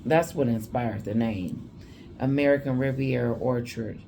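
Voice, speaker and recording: A drowsy woman talks slowly in a low, gravelly voice, rambling and half-tipsy as she chats through a late-night vlog. Faint noise hums behind her. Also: warm tone. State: sleepy after drinks. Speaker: vlogger. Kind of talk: casual chat reacting to news clips.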